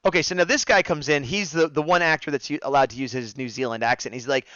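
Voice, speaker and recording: A man hosting a casual review chat, recapping scenes in an animated way and acting out the characters' lines. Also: a little high, fast talker, dry recording, lo-fi sound. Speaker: podcast host reviewing episodes.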